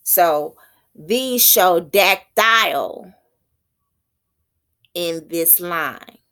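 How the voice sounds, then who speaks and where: Woman, informal teacher, low voice, very slow, halting, thinking aloud. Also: pushed and bright. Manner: halting, thinking aloud, stumbling over unfamiliar words. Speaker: teacher explaining poetic meter.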